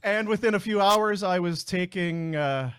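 A Canadian man co-hosting a sports podcast, telling stories with frequent laughs and trailing off softly, and also reading a live ad. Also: high voice, measured pace, slight background noise. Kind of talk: casual chat and live ad read. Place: small podcast studio. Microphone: studio mic.

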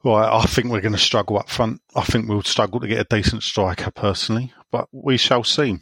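A man's voice: on the low side, steady tone, fairly quick, fairly bright tone, husky, no room sound. A man co-hosting a casual podcast, reading out listener messages and laughing along. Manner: playful, reads listener questions with laughs. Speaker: podcast co-host. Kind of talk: casual chat.

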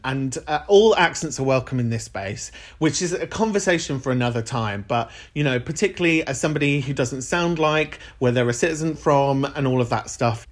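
A man hosting a podcast, talking in a campy, affectionate way to his callers. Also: fairly high pitch. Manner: warm-hearted, campy, calls people babes and sweet pea. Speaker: podcast host. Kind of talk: casual podcast chat.

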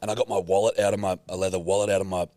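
A man's voice: deep voice, flat delivery, very fast, warm tone, no room sound, studio quality. A young Australian man in casual podcast chat, telling a story in a laid-back way and swearing often. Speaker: podcast co-host.

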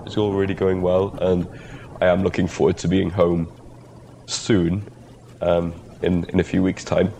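A man's voice: low-pitched, monotone, a little slow, gravelly, mellow, slight background noise. A tired Welsh man co-hosting a podcast in casual chat, friendly and laughing easily. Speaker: podcast co-host.

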